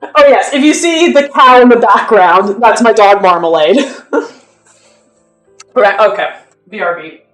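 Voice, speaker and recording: A woman's voice: medium pitch, measured pace, pauses often, soft background music. A young woman chatting casually on a live stream, answering viewers' questions in a loose, talkative way. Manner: chatty, answers chat, counts reps under her breath.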